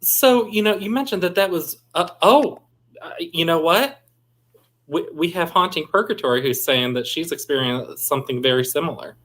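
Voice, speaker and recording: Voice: mid-range voice, moderate pace, a bit bright. A host of an online interview show who stammers and repeats words as he starts his questions. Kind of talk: casual interview.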